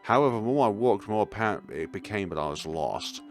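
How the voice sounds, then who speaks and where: A young man reads a horror visual novel aloud, his fairly low voice swinging widely as he jokes between lines. Soft game music plays underneath. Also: fast talker. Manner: animated, adds asides and jokes. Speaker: gaming YouTuber.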